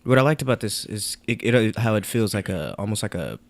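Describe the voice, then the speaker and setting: A man with a lowish voice talks in a laid-back, dry way on a film review podcast. He often restarts his sentences. The sound is close and dry. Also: dry recording. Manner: relaxed, dry humor, halting restarts. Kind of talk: casual chat.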